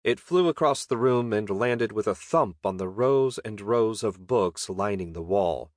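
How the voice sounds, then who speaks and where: A man narrating a fantasy audiobook with a wry, deadpan manner. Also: lowish voice, unhurried, no echo, clean studio sound.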